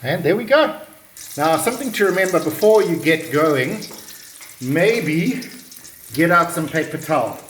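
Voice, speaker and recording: A chatty man walks through a recipe with a joking, easygoing manner. His voice sits a little high. The recording has a roomy echo. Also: animated, measured pace, pauses often, a bit bright, slight background noise. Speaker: cooking vlogger. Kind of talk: casual cooking demonstration.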